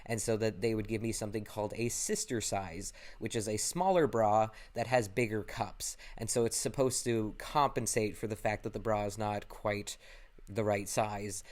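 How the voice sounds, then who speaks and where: A man's voice: fairly low pitch, steady tone, moderate pace. A young man talking candidly to camera in a casual personal vlog, rambling a little and correcting himself often. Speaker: vlogger.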